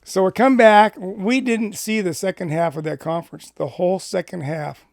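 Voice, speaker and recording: A middle-aged man from Washington State telling a personal ministry story in an animated way, acting out the dialogue. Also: high-pitched, normal speed, creaky, no room sound, clean studio sound. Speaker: Christian ministry speaker.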